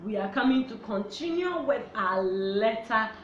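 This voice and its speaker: A woman teaching young children a phonics lesson, in a slow, sing-song, animated way. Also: on the high side. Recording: echoey room with faint background noise.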